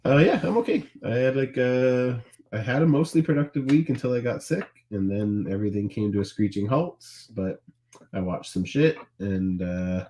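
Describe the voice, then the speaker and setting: A man's voice: mid-range voice, animated, moderate pace, dark tone. A man co-hosting a podcast in casual chat, congested with a cold and laid-back. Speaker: podcast co-host.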